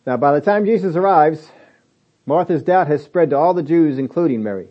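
A man preaching a sermon, animated and acting out the reactions he quotes. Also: on the high side, fairly quick, muffled recording. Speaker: pastor.

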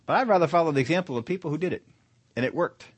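A man's voice: on the high side, animated, very fast, husky, dry recording. Emphatic male preacher, dry sound. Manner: emphatic, rising to loud stresses and dropping to soft endings. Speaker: pastor. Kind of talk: sermon.

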